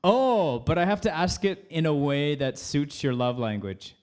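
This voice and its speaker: A man's voice: a little high, sing-song, measured pace, a little mellow. A man co-hosting a podcast, chatting in an easygoing, joking way. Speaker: podcast co-host. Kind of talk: casual chat.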